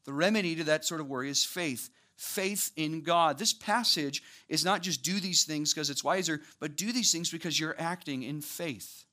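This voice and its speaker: Bright-voiced man preaching a sermon. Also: fairly high pitch, moderate pace, hardly any pauses. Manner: conversational, animated preaching with rising emphasis. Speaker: pastor.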